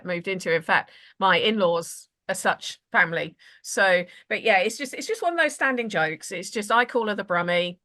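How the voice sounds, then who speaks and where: A woman's voice: fairly low pitch, pushed and bright. A woman with an Essex accent hosting a podcast interview, chatty and rambling with frequent laughs. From Essex, England. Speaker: podcast host.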